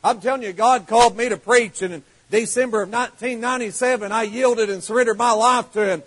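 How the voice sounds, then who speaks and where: A fervent male preacher with a strikingly high voice. He drops into quiet asides, then builds to ringing, shouted praise, in a revival-style sermon. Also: steady tone, fairly quick, low-quality recording. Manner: fervent, swinging from soft asides to shouted declarations.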